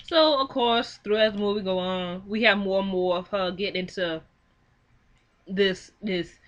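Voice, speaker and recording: A young woman giving a casual film recap, animated and exclaiming, acting out the characters' lines in quick quoted bits. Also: mid-range voice, lo-fi sound. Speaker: film reviewer. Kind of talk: casual movie recap and commentary.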